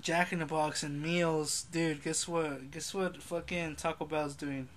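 A young man co-hosting a podcast in casual chat, loud and profane, laughing often. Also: fairly high pitch, fairly even intonation, measured pace. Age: young adult. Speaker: podcast co-host.

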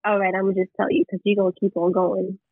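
A woman's voice: medium pitch, level tone, fast talker, husky, dry recording. A woman, a guest on a podcast, chatting casually and laid back, mostly giving short replies. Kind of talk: casual chat. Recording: tinny phone-like line.

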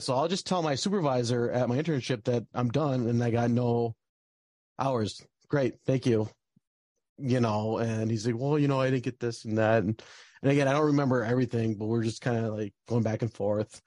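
A man's voice: medium pitch, a little mellow, no room sound. A young man telling a personal story in a casual, rambling way, with lots of fillers and bursts of frustration. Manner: rambling, many fillers, gets heated and swears.

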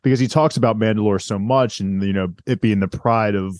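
A fairly low-voiced man who chats in an easygoing way and chimes in with small references and agreements. His voice is close and dry. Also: brisk, a little mellow, no echo. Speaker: podcast co-host. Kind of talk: casual chat.

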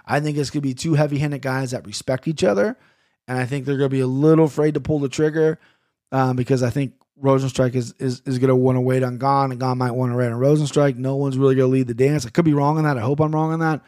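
A man's voice: medium pitch, steady tone, quick pace, mellow, no echo, studio quality. A man hosting a casual fight-picks podcast, talking in a laid-back, rambling, self-deprecating way. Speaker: podcast host. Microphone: podcast mic on camera.

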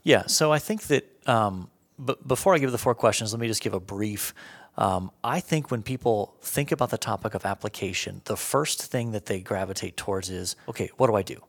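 Male guest, lowish voice; patient, earnest explainer who walks through points one by one. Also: brisk. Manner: earnest, explains in numbered steps with everyday examples. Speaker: Bible scholar guest. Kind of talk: conversational teaching.

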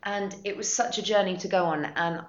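A woman's voice: mid-range voice, brisk. A woman voice actress in a podcast interview, talking enthusiastically and repeating her words. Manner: enthusiastic, effusive, repeats herself. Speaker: guest voice actress. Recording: echoey room, dull lo-fi sound.

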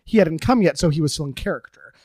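A woman guest on a comedy podcast, telling an absurd improvised story with playful, theatrical deadpan. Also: sits low, fast talker, dry recording.

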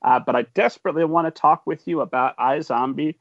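Excited guy host, kinda high voice, dry dull audio. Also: fast talker, dry recording. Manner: enthusiastic, chatty. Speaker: podcast host. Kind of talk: casual interview chat.

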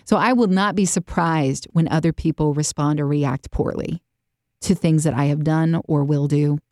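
Woman podcast host, animated storyteller, low voice, dry close-miked studio sound. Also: moderate pace, no echo. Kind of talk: faith-based podcast chat.

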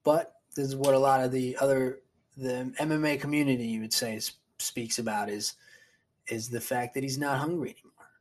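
Swearing frequently and restarting his sentences, a man rambles casually while hosting his podcast solo. His voice holds a medium pitch and a steady tone and moves a little fast.

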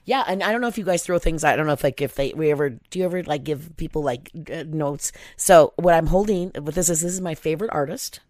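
Animated woman, dry close sound. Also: low voice, quick pace, hardly any pauses, dry recording. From Pacific Northwest, USA. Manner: animated, talks in run-on bursts with many "like"s. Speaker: podcast guest, nonprofit founder. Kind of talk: casual podcast conversation.

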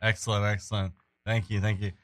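A man hosting a community radio interview show, relaxed, with frequent ums and restarts. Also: on the low side, fairly quick, no echo, clean studio sound.

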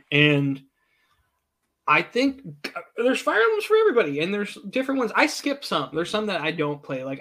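Man, bright forceful tone, slightly high voice, enthusiastic rambling game chat. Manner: chatty, enthusiastic, rambling with restarts. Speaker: podcast co-host. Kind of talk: casual gaming chat.

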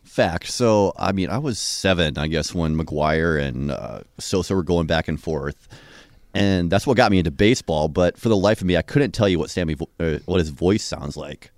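Male, 30s, deep and relaxed sports radio co-host, dry sound. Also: moderate pace, no room sound. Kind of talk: casual sports radio chat.

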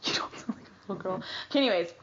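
A woman hosting a podcast in casual chat, reading out a listener's story, animated and swearing casually. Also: mid-range voice, very fast, highs cut off, a little hiss or hum. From Britain. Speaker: podcast host.

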